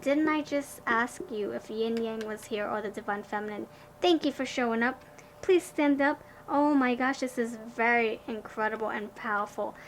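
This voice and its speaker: Excitable gushing woman reading tarot. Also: on the high side, moderate pace, slight background noise, rough recording. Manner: excitable, gushing, stumbles and restarts words. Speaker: tarot card reader. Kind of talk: pick-a-card tarot reading.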